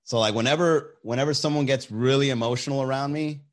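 A man's voice: medium pitch, steady tone, fast. A young man hosting a casual chat, telling a story animatedly and profanely, acting out quotes.

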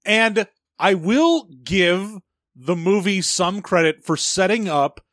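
High-voiced man, wry podcast banter. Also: expressive, takes it slowly, a bit bright, no echo, clean studio sound. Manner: wry, playful. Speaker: podcast co-host. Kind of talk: casual movie recap chat.

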